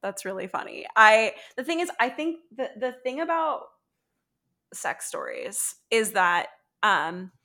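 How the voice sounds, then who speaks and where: Young woman, podcast host, chatty and relaxed, swears freely. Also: on the high side, unhurried, gravelly. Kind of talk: casual chat.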